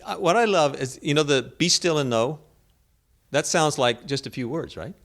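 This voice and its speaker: A man leading a lively spiritual group discussion, telling stories and acting out what others said. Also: on the high side, normal speed. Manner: animated storyteller, acts out quotes. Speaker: discussion leader.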